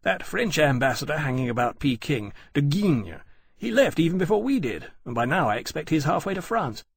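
A man's voice: on the high side, sing-song, a little fast, vocal fry, breathy edge, no room sound, voice pushed up, heavily acted. A man voicing a blunt, hearty male aviator officer with a raised, brusque voice.

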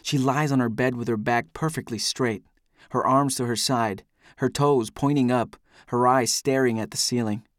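A man's voice: medium pitch, steady tone, moderate pace, no room sound, clean studio sound. A man giving an intense, brooding first-person audiobook narration.

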